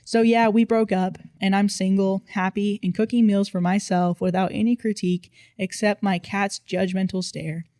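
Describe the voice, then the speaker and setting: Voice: mid-range voice, flat delivery, normal speed, few pauses, darkish tone, no echo. A narrator reading online posts aloud in casual storytime style, with dry, playful emphasis.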